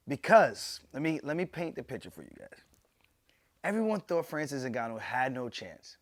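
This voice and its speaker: A man's voice: mid-range voice, big pitch swings, normal speed, dry recording, studio quality. A man, a pro fighter hosting his own show, giving emphatic, opinionated casual commentary to camera and swearing casually.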